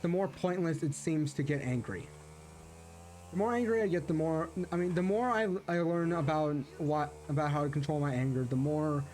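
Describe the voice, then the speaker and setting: High-voiced man rambling earnestly on a stream. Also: a little mellow, a little hiss or hum. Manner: rambling, full of restarts and self-corrections; earnest and reflective. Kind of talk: casual chat while gaming.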